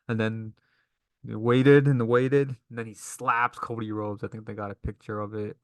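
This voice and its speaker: A man's voice: lowish voice, flat delivery, normal speed, no room sound. A man giving a casual, enthusiastic recap of a wrestling show, laughing often.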